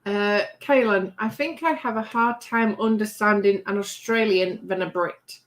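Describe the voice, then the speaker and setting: Yorkshire woman, livestream co-host, easygoing banter, reads chat aloud, mid-pitched voice. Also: unhurried, low-quality recording. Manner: chatty, reads out viewer comments.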